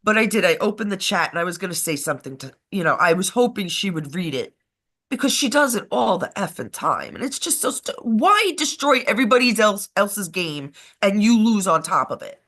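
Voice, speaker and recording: A woman with a voice on the low side, talking a little fast, co-hosts a live show in casual chat. She tells a rambling, animated story and swears along the way.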